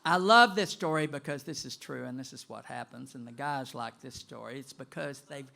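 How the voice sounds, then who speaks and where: A man in his late sixties telling a personal story to a live audience, animated and gossipy, with dramatic pauses. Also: mid-range voice, gravelly. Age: 60s.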